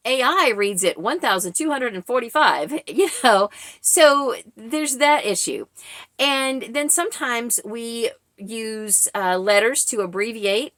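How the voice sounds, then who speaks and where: A woman's voice: on the high side, fairly bright tone, no echo, clean studio sound. A woman in her forties giving casual vlog commentary as a book reviewer, chatty and explanatory, with frequent fillers.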